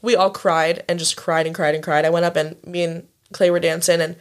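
A woman's voice: lowish voice, little pitch movement, a little fast. A young woman co-hosting a casual chat, telling stories animatedly with lots of fillers and swearing. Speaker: podcast co-host.

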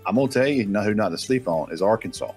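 A man's voice: fairly low pitch, lively intonation, very fast, darkish tone, soft background music. A man, a guest analyst confidently rattling off football names and stats. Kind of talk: casual sports talk.

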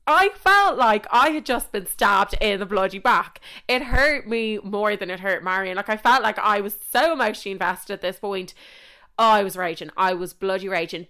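A young Irish woman talks as a podcast host, chatty and animated, sprinkling in casual swearing and running away with her thoughts. Her voice is smooth and clear, sitting at a middling pitch. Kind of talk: casual chat.

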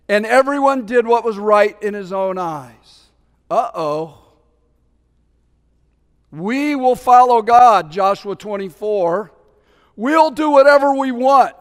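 A man preaching a sermon as pastor, animated and conversational, acting out scripture voices and slipping into casual asides. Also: high-pitched, clean tone. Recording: long hall reverb.

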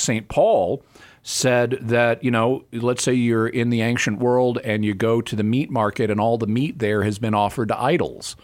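A man who is a regular guest apologist on a call-in radio show, explaining at length in a measured way. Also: on the low side. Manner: explanatory, measured, thinks aloud.

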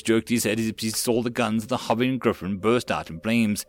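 A man reading a web novel audiobook in a plain, steady narrating manner with occasional slips. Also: lowish voice, a little fast, hardly any pauses.

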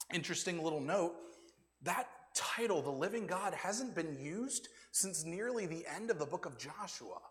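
A male pastor preaching a sermon, animated, then dropping to hushed asides and whispers. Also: on the high side. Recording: long reverb of a church hall.

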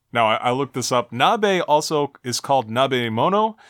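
A podcast co-host in a casual chat recounts video game ending scenes, acting out the quoted lines in shifting pitch as an animated storyteller. He talks at a moderate pace with few pauses, in clean studio sound with no echo.

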